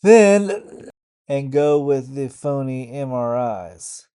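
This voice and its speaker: A man casually recapping a TV episode for his online channel, in a halting, stop-start way. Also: medium pitch, lively intonation, dark tone, smooth. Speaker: YouTube reviewer.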